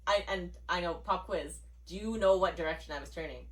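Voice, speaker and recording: A woman co-hosting a casual chat podcast, an animated, teasing storyteller. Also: on the low side, fairly quick, distant mic, rough recording. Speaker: podcast co-host.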